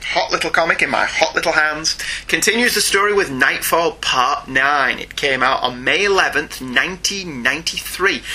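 A man with a bright, fairly high voice and a husky edge chats casually as a podcast co-host. He reads listener emails aloud in a chatty, relaxed way. The home recording keeps a slight rasp in his tone. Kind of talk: casual chat.

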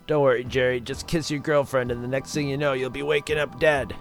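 A man's voice: mid-range voice, fairly even intonation, a little fast, soft background music, lightly acted. A man reading a sinister character's menacing lines in a horror story.

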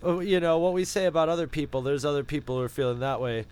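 Speaking quickly in a fairly high, clean-toned voice, a male podcast co-host spins a sarcastic story laced with profanity, though the recording quality is low. The chat is casual and wandering, and his delivery is lively, full of false starts.

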